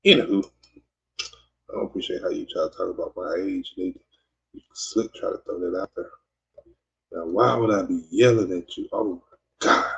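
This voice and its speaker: A man from Mississippi with a Southern accent hosts a podcast in loose livestream chat, rambling and teasing as he goes. His voice is very low, with a gravelly fry. The recording sounds dull and lo-fi. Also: normal speed, long pauses. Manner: rambling and teasing, many fillers and restarts. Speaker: podcast host. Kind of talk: casual livestream chat reading comments.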